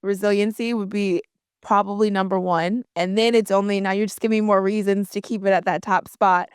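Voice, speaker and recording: A woman's voice: medium pitch, steady tone, brisk, clean tone, dry recording, clean studio sound. A woman hosting a casual podcast interview, asking questions in an upbeat, playful way. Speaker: podcast host.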